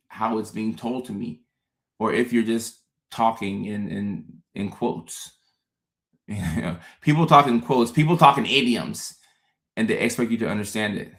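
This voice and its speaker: Animated man talking to his viewers. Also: mid-range voice, moderate pace, creaky. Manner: animated, repeats words, acts out his own thoughts. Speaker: host. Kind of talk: casual livestream talk to viewers.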